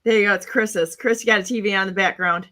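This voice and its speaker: A woman's voice: mid-range voice, fairly even intonation, quick pace, pushed and bright. A woman hosting a casual online talk show, chatty, with many fillers and restarts. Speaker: show host.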